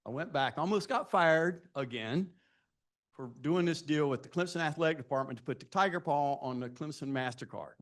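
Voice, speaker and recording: A man's voice: a little high, normal speed. A man in his sixties speaking to students at a live event, telling self-deprecating career stories and asking the audience direct questions. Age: 60s. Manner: anecdotal, self-deprecating storytelling.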